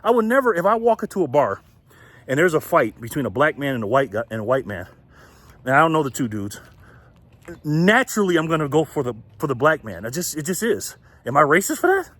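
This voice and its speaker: Male vlogger, slightly high voice, very lively pitch, blunt profane rant with frequent laughs. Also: brisk. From United States. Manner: animated, blunt and profane, laughs often mid-sentence. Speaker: political commentary channel host. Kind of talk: casual ranting commentary vlog.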